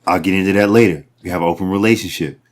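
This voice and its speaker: A man's voice: sits low, rapid-fire. A man co-hosting a casual podcast, swearing freely and making mock threats at his friends. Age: older than his co-hosts. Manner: profane, mock-threatening joker. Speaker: podcast co-host.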